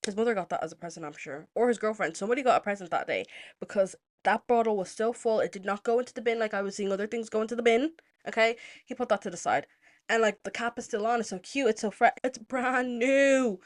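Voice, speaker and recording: A young woman from Zimbabwe hosting a podcast, telling a story in a casual, animated way and moving into political commentary, with lots of "like" and some swearing. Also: fairly high pitch, quick pace. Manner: animated, chatty, heavy use of "like", swears freely. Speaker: podcast host.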